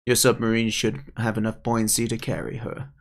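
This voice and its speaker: A man's voice: lowish voice, monotone, normal speed, natural voice. A man reading game dialogue as an old, sarcastic male pike fish with an impatient, dry manner. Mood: gruff.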